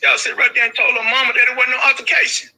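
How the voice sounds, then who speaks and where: A man's voice: very high voice, little pitch movement, rapid-fire, bright, forceful tone, low-quality recording. A grieving father calling in by phone, speaking emphatically and repeating his points. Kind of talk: call-in conversation.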